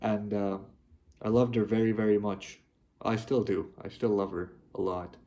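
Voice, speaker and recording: A young man talking to his viewers, heartfelt and halting, often restarting his sentences. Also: on the low side, fairly even intonation, dark tone. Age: young adult. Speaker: vlogger. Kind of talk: personal reflective monologue.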